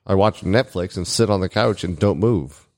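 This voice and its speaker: A man's voice: low-pitched, moderate pace, a little mellow, no room sound, clean studio sound. A man co-hosting a podcast in casual chat, making crude jokes and laughing often, recorded in a home garage. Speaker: podcast co-host.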